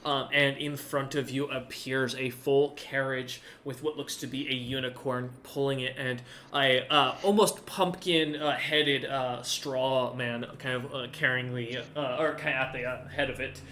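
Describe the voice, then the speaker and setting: A man's voice: medium pitch, fairly even intonation, unhurried, hardly any pauses, sharp tone, slight background noise. A man narrating a tabletop game as game master, rambling with many fillers.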